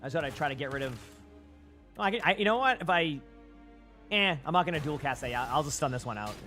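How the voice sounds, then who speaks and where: A man's voice: fairly high pitch, expressive, fast talker, pushed and bright, faint music behind. A young man with a Boston accent giving casual, rambling live-stream commentary while playing and chatting with viewers on a headset mic.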